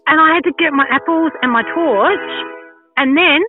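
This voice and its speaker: An Australian woman telling a lively story in casual chat, acting out her own quotes. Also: sits high, moderate pace, over music. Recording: tinny phone line.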